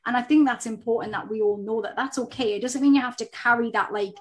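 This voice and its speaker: A woman in her thirties, a self-development coach, talks candidly from her home in a fairly high voice. She is earnest and frank and repeats key phrases to drive her point home. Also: fast. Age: 30s. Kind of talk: casual podcast conversation.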